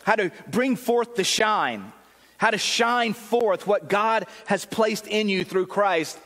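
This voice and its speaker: Male pastor, earnest and encouraging preacher, fairly high voice, heard in a reverberant church. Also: expressive, takes it slowly, fairly bright tone. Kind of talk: sermon. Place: church sanctuary.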